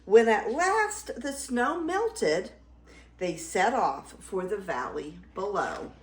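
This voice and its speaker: An older woman reads a fairy tale aloud in a very slow, lively, sing-song way, her voice a touch high. The room gives it a roomy echo. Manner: expressive, slow dramatic reading. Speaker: grandmother storyteller.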